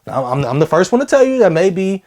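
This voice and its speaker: Young guy talking straight to camera, bit high-pitched, slangy and emphatic, keeps repeating himself. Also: very animated, fast, darkish tone. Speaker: YouTuber giving advice. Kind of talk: casual advice vlog to camera.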